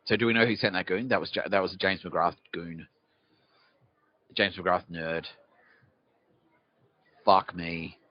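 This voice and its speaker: Out on a city street, an Australian man hosting a podcast rambles through a comic monologue, swearing without restraint and answering questions he puts to himself. His voice is deep and steady, a little slow, with long pauses, captured on a dull lo-fi recording.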